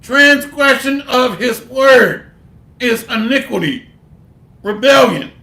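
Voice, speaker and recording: A man's voice: very high voice, expressive, slow pace, creaky, sharp tone, reverberant. A man giving a blunt, street-style sermon, reading scripture aloud and mixing it with slang and profanity. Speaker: bible teacher.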